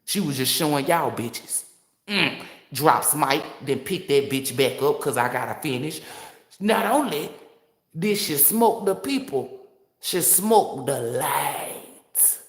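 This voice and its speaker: A woman's voice: low-pitched, expressive, measured pace, reverberant. A woman tarot reader giving casual, motivational commentary in a brash, preachy, profane and playful manner.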